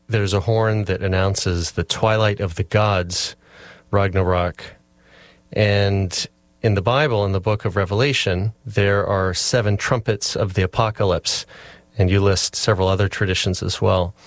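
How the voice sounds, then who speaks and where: A man's voice: lowish voice, dry recording. A man hosting an interview, asking prepared, articulate questions. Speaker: interviewer host.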